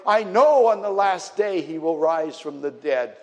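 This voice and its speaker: A man's voice: a little high, expressive, unhurried, few pauses. A man preaching a sermon in a church, speaking earnestly and building to emphatic peaks. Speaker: pastor. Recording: long hall reverb.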